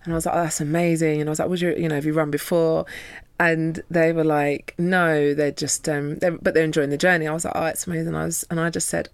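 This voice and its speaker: A woman's voice: low-pitched, flat delivery, fast, clean tone, no room sound. A woman from London, a yoga teacher guesting on a podcast, talking casually and playfully acting out her inner voice.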